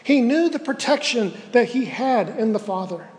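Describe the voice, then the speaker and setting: A man preaching a sermon as pastor, earnest and measured, slowing down to stress key words. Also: extremely high pitch, lively intonation, darkish tone, in a large hall.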